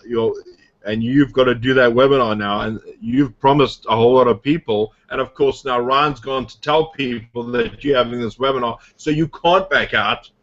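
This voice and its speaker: A man's voice: medium pitch, normal speed, dull audio. A man casually coaching a group about his online business, rambling with lots of fillers and restarts. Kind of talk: casual motivational talk on a group video call.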